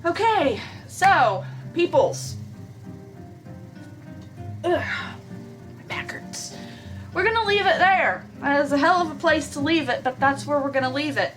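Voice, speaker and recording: A woman hosting a game playthrough, reading a visual novel aloud in an expressive, animated way and adding her own comments. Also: sits high, unhurried, long pauses, far from the mic, soft background music, poor audio. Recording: voice from away from the mic with faint hiss.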